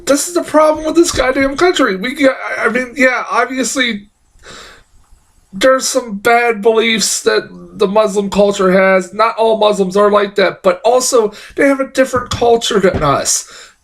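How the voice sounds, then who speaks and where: A man's voice: extremely high pitch, a little slow, fairly bright tone. A man reviewing a film in a casual, exasperated rant, swearing freely and restarting sentences with lots of fillers.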